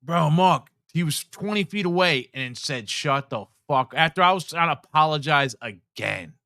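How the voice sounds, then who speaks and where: A man with a high, bright voice hosts a casual podcast and tells stories with animated energy, swearing freely and acting out the people he quotes. His voice comes across crisp and clear. The recording is dry and close. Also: normal speed, no room sound. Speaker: podcast host. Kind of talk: casual chat.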